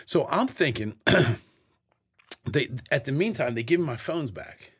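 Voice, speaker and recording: Husky-voiced man telling blunt, profane stories. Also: mid-range voice, a little slow. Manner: profane, blunt, animated storyteller acting out scenes. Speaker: interview guest. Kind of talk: candid storytelling in a sit-down interview.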